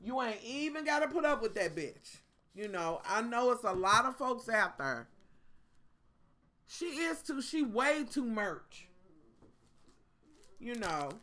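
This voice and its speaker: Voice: mid-range voice, big pitch swings, takes it slowly, long pauses, sharp tone. A vlogger, ranting in a sassy, profane way straight to the viewers in a casual storytime. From Kentucky.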